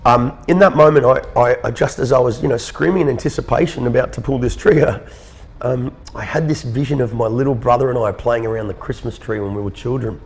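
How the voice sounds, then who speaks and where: An Australian man in his thirties, an interview guest telling a personal story in an earnest, halting way, often repeating words. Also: medium pitch.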